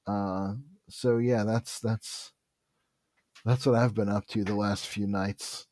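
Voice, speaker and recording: A podcast co-host in his forties with a dry, wry sense of humor, chatting casually and trailing off softly. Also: on the low side, fairly even intonation, slow pace, no room sound. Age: 40s. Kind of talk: casual chat.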